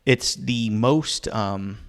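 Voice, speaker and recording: This podcast host talks in a low voice, drawing out his words. He chats casually and rambles, poking fun at himself and using plenty of fillers.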